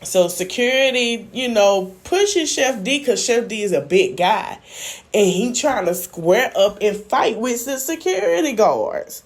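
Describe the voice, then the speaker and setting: A woman's voice: on the high side, very animated, a little slow. A woman hosting her own channel, chatting casually through a reality-show recap and talking straight to her viewers. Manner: chatty, addresses viewers as y'all, acts out quotes. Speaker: YouTube channel host.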